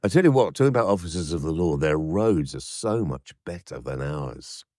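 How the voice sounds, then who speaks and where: A man's voice: extremely low pitch, lively intonation, moderate pace, a little mellow, dry recording, studio quality. An older man co-hosting a casual home podcast with his wife, joking and hesitant, with many fillers. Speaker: podcast co-host. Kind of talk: casual chat.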